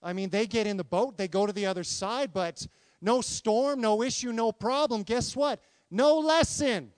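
Lively high-voiced male preacher, crisp and dry. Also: normal speed, no echo. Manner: animated, talks to congregation with questions, acts out quotes. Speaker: pastor. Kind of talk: sermon.

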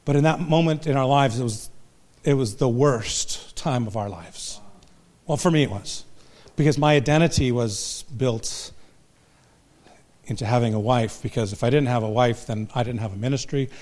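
An older man who is a pastor and marriage counselor gives a humorous talk to a live audience, joking and telling stories at his own expense. His medium-pitched voice has a darkish tone and a moderate pace.

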